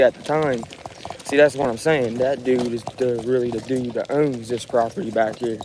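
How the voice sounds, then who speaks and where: A man's voice: medium pitch, background noise. A man livestreaming, telling a rambling, frustrated story with frequent restarts and swearing. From Ohio, USA.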